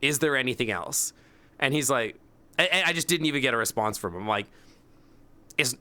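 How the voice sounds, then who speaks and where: A young man streaming, chatting casually and telling animated stories about work, acting out his coworkers' panic. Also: mid-range voice, moderate pace, long pauses. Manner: animated storytelling, mimics coworkers. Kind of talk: casual chat with chat readers.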